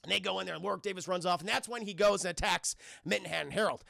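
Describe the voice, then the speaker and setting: A man recapping a film scene by scene to his stream chat, animated and profane, rambling with many fillers. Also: sits high, very fast, vocal fry, no room sound, studio quality. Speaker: streamer reviewing films.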